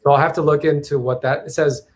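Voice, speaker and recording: A man's voice: a little high, fairly even intonation, fast. Chatty man hosting a video call stream. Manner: chatty, thinks aloud with restarts. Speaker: live stream host. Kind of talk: casual chat.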